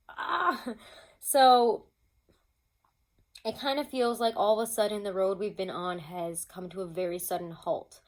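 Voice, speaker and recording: Chatty woman doing a tarot reading at home, laughs a lot, dramatic little rants, bit of hiss. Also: on the low side. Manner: chatty and expressive, laughs often, mock-exasperated asides. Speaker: tarot reader. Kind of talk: casual tarot reading to camera.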